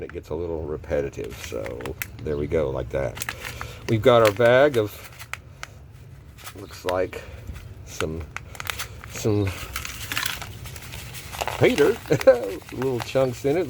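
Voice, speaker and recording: Guy, kinda low voice, rambles and corrects himself a lot, faint hiss behind. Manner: rambling, self-correcting, chuckles often. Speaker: gold prospecting hobby host. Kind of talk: casual chat. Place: table at home.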